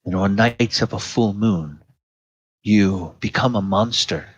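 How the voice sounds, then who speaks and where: A man voicing a kindly older priest who speaks in a gentle, reassuring way. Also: on the low side, slow pace, husky, muffled recording, faint music behind. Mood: grave. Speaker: priest character.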